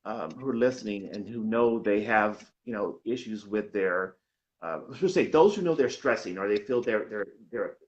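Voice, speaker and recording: A man's voice: on the low side, expressive, normal speed, dull audio. A man hosting an interview show, encouraging his guest and rephrasing his questions to draw out practical tips. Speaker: show host.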